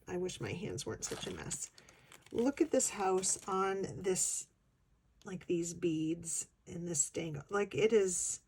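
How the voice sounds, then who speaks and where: A woman chatting casually as a craft vlogger, gushing and excited, often gasping as she unboxes. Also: fairly low pitch, husky.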